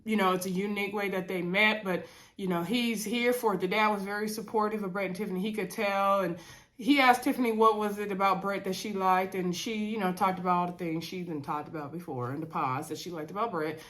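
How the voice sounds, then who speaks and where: A woman's voice: mid-range voice, brisk. Congested woman recapping a reality show. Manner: relaxed Southern-leaning casual talk with fillers and "y'all". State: congested from a cold. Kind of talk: casual chatty recap.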